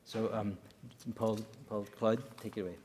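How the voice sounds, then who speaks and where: A man's voice: on the low side, steady tone, moderate pace, heavy background noise. Upbeat male moderator in a hall. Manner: upbeat, many um fillers. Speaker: panel moderator. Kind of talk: speaker introduction. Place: large conference room. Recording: long reverb of a hall.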